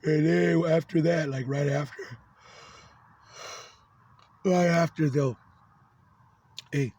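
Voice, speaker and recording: A man's voice: on the high side, fairly even intonation, slow pace, a little mellow, a little hiss or hum. Angry, profane man venting. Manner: angry, profane, rambling with many fillers. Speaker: vlogger. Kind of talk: unscripted monologue to camera.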